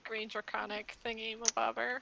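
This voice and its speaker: A woman's voice: fairly high pitch, little pitch movement, moderate pace, vocal fry, background noise. A woman playing a tabletop game, talking casually and bluntly among friends. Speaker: player.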